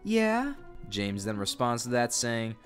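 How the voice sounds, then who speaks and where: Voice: mid-range voice, sing-song, slow, soft background music. A YouTube narrator reading chat logs with exasperated, sarcastic commentary.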